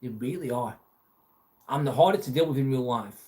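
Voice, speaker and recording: Reading viewer chat on a casual livestream, this host talks bluntly with his audience and swears a lot. His voice is medium-pitched and darkish in tone, and he talks fairly quickly.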